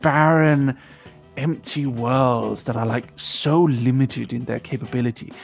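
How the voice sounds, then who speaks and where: A woman streaming a game, narrating an interactive story in a lively, quick casual way. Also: a bass voice, creaky, husky, faint music behind. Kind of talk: casual narration of a choose-your-own-adventure.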